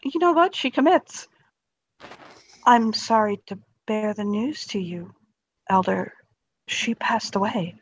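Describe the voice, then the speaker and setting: A woman's voice: mid-range voice, takes it slowly, pauses often, husky. Hesitant woman playing a tabletop character. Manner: hesitant, restarts, polite in character, laughs at herself. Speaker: player.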